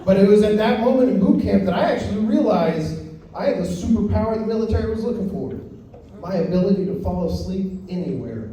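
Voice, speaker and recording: A man doing stand-up in a comedy club, telling stories deadpan with quick acted quotes. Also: high voice. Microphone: handheld stage mic. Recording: echoey club from far off, crowd. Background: audience laughing.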